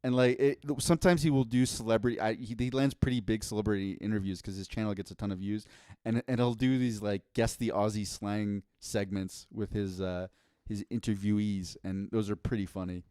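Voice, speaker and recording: A man's voice: fairly low pitch, steady tone, fairly quick, mellow, clear, resonant tone, dry recording, clean studio sound. A man co-hosting a podcast in casual chat, giving opinions with eager restarts. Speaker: podcast co-host.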